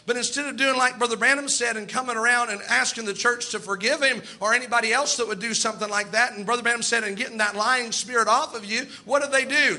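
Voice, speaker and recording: A man's voice: very high voice, pushed and bright. A male pastor preaching a sermon to his church in an emphatic, conversational way, with asides and restarts.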